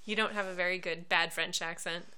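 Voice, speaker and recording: A woman's voice: lowish voice, fairly even intonation, fairly quick, bright, forceful tone, clear, resonant tone. Playful woman podcast co-host. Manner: playful teasing, giggly. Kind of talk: casual chat.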